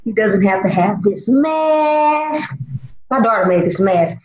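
Animated woman teaching children playfully. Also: medium pitch, slow, reverberant, dull audio. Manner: playful, theatrical, expressive. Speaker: children's church presenter.

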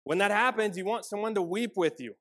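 A man's voice: high-pitched, a little fast. Earnest man preaching a sermon. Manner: earnest, personal storytelling with shifts between loud emphasis and quiet, soft passages. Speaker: pastor.

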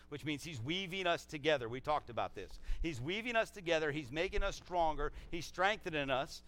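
A man preaching a sermon in a conversational way, repeating phrases and swinging between loud exclaims and soft, low scripture reading. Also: animated, fairly quick, hardly any pauses. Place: church service.

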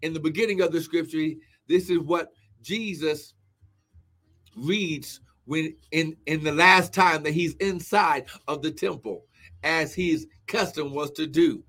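A man preaching a fervent live-streamed sermon, shouting exclamations of glory and breaking into tongues as he prays. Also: on the high side, measured pace. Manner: speaks in tongues between phrases.

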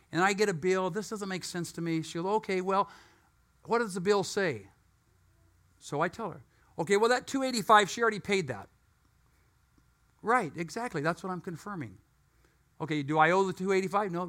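A man preaching a sermon, telling a folksy story and acting out both sides of the conversation with joking asides. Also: sits high. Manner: animated storyteller, acts out both sides of dialogue. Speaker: pastor.

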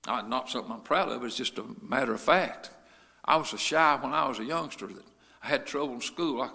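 Fervent preaching man, bright echoing voice. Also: medium pitch, vocal fry. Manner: swings from quiet storytelling to loud preaching. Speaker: pastor. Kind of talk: sermon.

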